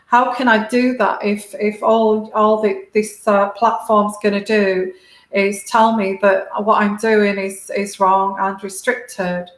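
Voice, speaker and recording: A British woman hosting a tarot livestream, talking halting and heartfelt to her viewers, close to tears. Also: medium pitch, level tone, echoey room, rough recording. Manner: halting, many restarts and fillers, heartfelt. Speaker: tarot reader and livestream host. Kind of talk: casual livestream talk to viewers.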